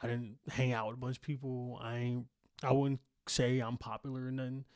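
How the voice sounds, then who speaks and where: A young man hosting his own podcast alone, ranting in a boastful, profane and animated way. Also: mid-range voice, fairly quick, smooth, dry recording, clean studio sound. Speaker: podcast host. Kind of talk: solo podcast rant. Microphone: single studio microphone.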